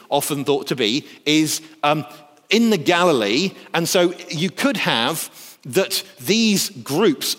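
A man from the north of England, giving a lively academic lecture with jokey asides. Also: high-pitched, big-room sound.

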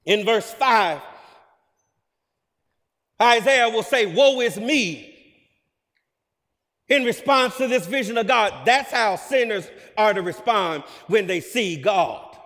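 A high-voiced male preacher delivers an emphatic, slow sermon that builds into loud, ringing declarations. His words fade into the long reverb of a large hall.

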